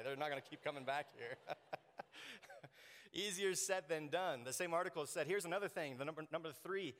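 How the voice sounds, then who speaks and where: A man preaching a sermon to his congregation, animated and joking, acting out quoted voices. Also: medium pitch. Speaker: pastor. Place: church sanctuary. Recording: long hall reverb.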